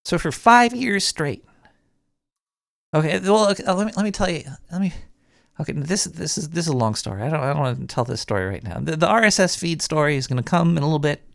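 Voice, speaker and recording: Playing a paranoid male cartoon sewer rat who hosts a late-night call-in show, a man talks fast and expressively in a gravelly, creaky, mid-pitched voice with a fairly bright tone. The jittery host rambles and keeps restarting sentences, recorded dry and close with no room sound.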